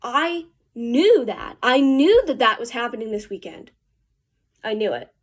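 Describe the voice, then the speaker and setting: A teenage girl tells a rambling story in casual vlog style while doing her makeup. She talks in a fairly high voice and drops slangy asides as she goes. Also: sing-song, measured pace. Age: teens. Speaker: vlogger.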